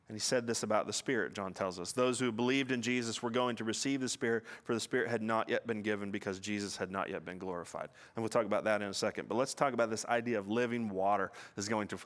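A man preaching a sermon in an earnest teaching manner, often repeating words and slowing down to stress a point. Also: lowish voice, fairly even intonation. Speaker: pastor.

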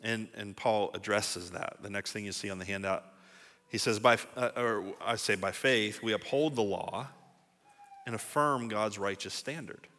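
Guy preaching a sermon, bright clear voice, long echo from a big hall, asks questions back at the crowd. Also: fairly low pitch, normal speed. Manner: conversational, rises to emphatic rhetorical questions. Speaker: pastor. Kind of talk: sermon teaching from a handout.

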